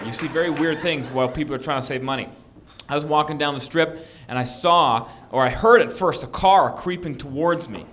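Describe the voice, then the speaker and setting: A man performing a stand-up comedy set, telling animated stories and acting out shouting characters. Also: fairly high pitch, a little fast, faint music behind.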